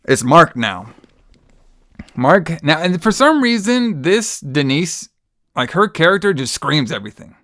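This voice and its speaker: A man's voice: on the high side, big pitch swings, measured pace, a bit bright, dry recording, clean studio sound. Exasperated, profane male podcast host. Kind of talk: casual movie recap.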